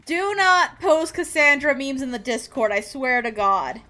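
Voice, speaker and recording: A young woman livestreams a game with a very bright, lively voice that leaps up and down. She laughs, swears and shrieks often. Faint game music sits behind her. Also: high voice, a little slow, few pauses. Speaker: streamer. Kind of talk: casual game livestream chat.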